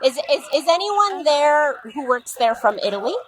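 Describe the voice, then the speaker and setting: A woman's voice: high voice, very animated, normal speed, low-quality recording. A woman guest on a comedy podcast, bubbly and stammering, politely pushing a restaurant for an answer over the phone. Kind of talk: casual chat, calling a restaurant.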